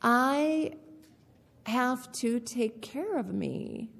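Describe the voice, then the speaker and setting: A woman sharing her recovery story in a candid, deliberate way, often repeating key phrases. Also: mid-range voice, expressive. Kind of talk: personal testimony talk. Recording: echoey hall with long reverb.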